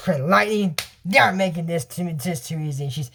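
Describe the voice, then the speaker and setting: Excitable man rambling through a cartoon recap. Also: fairly quick, gravelly, few pauses, soft background music. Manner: rambling, excitable, acts out characters' lines with jumps in pitch. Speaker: episode recap commentator. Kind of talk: casual cartoon episode recap.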